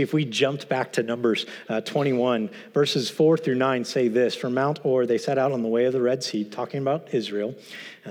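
A man teaching through a Bible passage, earnest and emphatic, posing rhetorical questions to his listeners. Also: medium pitch. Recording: long hall reverb.

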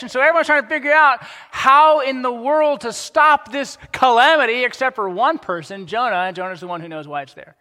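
Animated high-voiced male preacher, reverberant hall. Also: a little fast, few pauses. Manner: animated, acts out quoted characters. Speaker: pastor. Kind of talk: sermon.

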